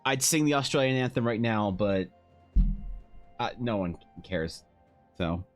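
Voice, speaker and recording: A man's voice: medium pitch, lively intonation, measured pace, soft background music. A man chatting casually on a live stream while drawing, joking and swearing with self-mocking humor.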